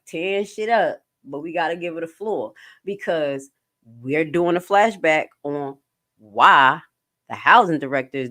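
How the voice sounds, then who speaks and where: Woman streamer, emphatic and jokey, lowish voice. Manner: animated, emphatic, jokey asides. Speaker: livestream host. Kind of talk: casual commentary livestream.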